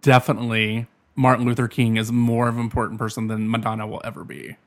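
A man's voice: medium pitch, steady tone, fast talker. A man in a casual debate, blunt and insistent, teasing his co-host.

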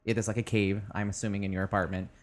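A man's voice: lowish voice, flat delivery, very fast. A man co-hosting a casual podcast chat at home, telling stories animatedly and laughing often. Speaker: podcast co-host. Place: home apartment with back door open.

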